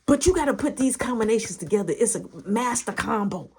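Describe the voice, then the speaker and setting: A woman telling an animated story in a casual, slangy way, acting out the action with sound effects and quoted lines. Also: a little high, fairly quick, slightly rough.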